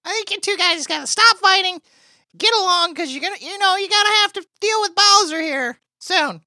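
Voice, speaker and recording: A woman voicing a small blunt mushroom man attendant, deadpan, in an improvised podcast parody. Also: extremely high pitch, brisk, no room sound, clean studio sound, exaggerated voice.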